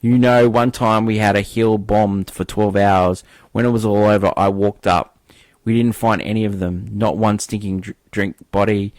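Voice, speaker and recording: A man voicing a brash, swaggering male cavalry colonel in a loud, boisterous way. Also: lowish voice, flat delivery, moderate pace, no room sound, lightly acted. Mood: relishing.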